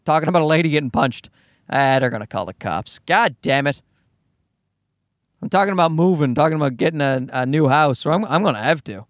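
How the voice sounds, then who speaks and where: A man's voice: a little high, fairly quick, no room sound, clean studio sound. A man telling a story as a rambling, profane rant into a microphone in his car in a parking garage. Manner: profane, animated, self-interrupting.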